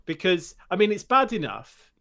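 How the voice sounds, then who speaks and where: A man's voice: high voice, very animated, moderate pace, vocal fry, bright, forceful tone. A man co-hosting a gaming podcast in casual chat, joking and rambling as he reads out listener mail. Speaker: podcast co-host.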